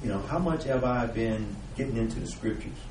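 A man's voice: on the low side, darkish tone, slight background noise. Guy in a bible study, stops and starts a lot, far off in an echoey room. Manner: halting, repeats words, frequent "you know". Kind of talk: informal Bible study discussion.

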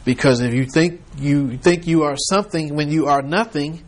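A man's voice: a little high, normal speed. A man leading an informal Bible study, rambling as he retells scripture in quoted voices.

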